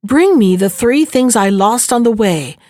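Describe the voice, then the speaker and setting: A woman's voice: a little high, animated, measured pace, darkish tone, no room sound, studio quality. A woman reading aloud, voicing a sly young princess who feigns dismay. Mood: feigned dismay.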